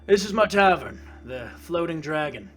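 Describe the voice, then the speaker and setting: A tabletop game master voicing a gruff, hesitant male tavern keeper. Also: mid-range voice, expressive, normal speed, fairly bright tone, faint music behind, natural voice.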